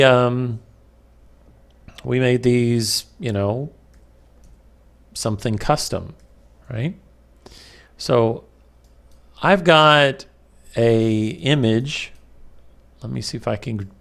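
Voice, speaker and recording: A male instructor walks through a recorded lesson at an unhurried pace, his voice rough with a gravelly fry. He hesitates often and fills the pauses with ums and uhs, and he has the hiccups. The sound comes from a plain computer microphone. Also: mid-range voice. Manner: slow, halting, many fillers and pauses. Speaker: web development instructor. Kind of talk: recorded screen-capture lecture.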